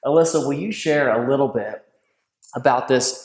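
A man hosting a faith-based conversation, preacherly and animated, with big swings in pitch. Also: moderate pace. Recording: echoey room.

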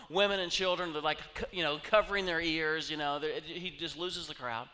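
A man preaching a sermon, telling stories with humor and swinging from loud bursts to hushed asides. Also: fairly high pitch, brisk, few pauses, a little hiss or hum. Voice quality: animated, jokey storytelling with sudden loud bursts and hushed asides. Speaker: pastor. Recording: long reverb of a large hall.

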